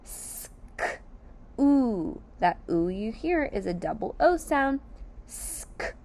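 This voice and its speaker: Slow, gravelly-voiced phonics teacher woman. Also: on the high side, sing-song, darkish tone. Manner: sounds out letters and syllables one by one, praising. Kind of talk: slow, deliberate phonics lesson for young children.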